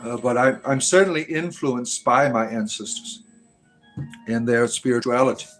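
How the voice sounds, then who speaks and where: A man's voice: medium pitch, normal speed, a bit bright, soft background music. Rambling American man hosting a livestream. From United States. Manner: rambling, tags lines with "right?". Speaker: livestream host reading chat. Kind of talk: casual livestream chat.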